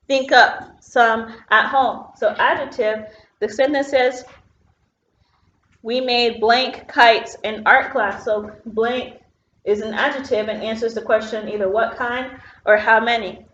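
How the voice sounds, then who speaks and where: A woman's voice: on the high side, steady tone, normal speed, a bit bright. A woman teacher giving an online phonics lesson, explaining patiently step by step with the odd "um" while she writes on a board. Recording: roomy, dull lo-fi classroom sound.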